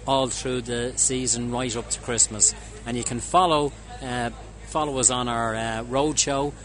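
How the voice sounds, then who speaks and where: A man at a stall giving a fluent, enthusiastic sales pitch for his wares. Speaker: stallholder selling wool bedding. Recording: loud crowd around. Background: outdoor crowd.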